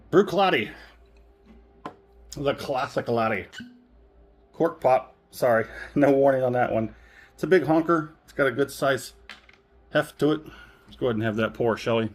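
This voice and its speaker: A man reviewing a whisky in a casual, rambling way, often correcting himself and chuckling. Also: mid-range voice. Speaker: spirits reviewer.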